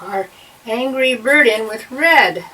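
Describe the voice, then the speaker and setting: A woman's voice: on the high side, lively intonation, slow, sharp tone. Woman, drawing teacher for kids, patient, step by step, bit distant from mic. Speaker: art teacher. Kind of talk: drawing lesson for children.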